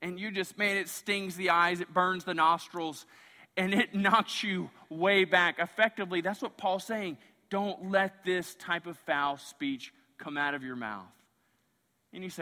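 A man preaching a sermon as pastor, animated, surging loud and then dropping quiet. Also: high-pitched, measured pace. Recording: long church hall reverb.

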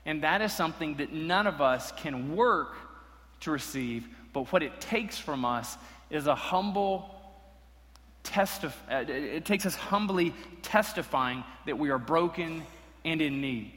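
A male pastor delivers a sermon in a bright, forceful voice pitched a little high. He is earnest and emphatic, repeating key lines for weight. The sound carries a long reverb from a large hall. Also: animated, a little slow. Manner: earnest preaching with emphatic repetition.

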